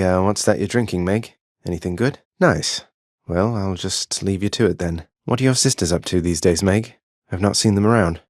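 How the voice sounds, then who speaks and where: Brief: a young underworld prince for a game, earnest and wryly teasing, very low voice, bone-dry studio sound. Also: male voice, dry recording. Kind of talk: video game voice acting. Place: studio booth.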